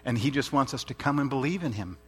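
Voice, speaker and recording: Man, preacher, sermon, husky voice, emphatic, repeats for emphasis, rhetorical questions. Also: mid-range voice, lively intonation, fast talker, a bit bright.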